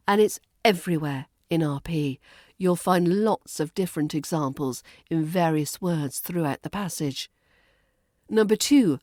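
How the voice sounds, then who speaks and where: Crisp British RP woman accent coach. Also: on the low side, animated, darkish tone, no echo, clean studio sound. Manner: crisp, playful teaching with slow demonstrated words. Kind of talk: podcast accent lesson.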